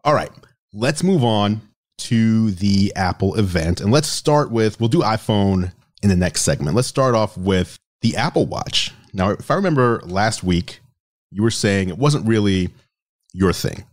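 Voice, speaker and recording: A man's voice: lowish voice, animated, measured pace. A man hosting a tech podcast, chatting casually and steering the conversation to the next topic. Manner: affable, complimentary, steers the segments. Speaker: podcast host.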